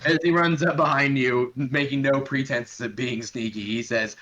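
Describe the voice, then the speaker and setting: A man running a tabletop game as dungeon master, narrating with a relaxed, joking manner. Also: medium pitch, moderate pace, hardly any pauses. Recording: dull lo-fi mic with faint hiss.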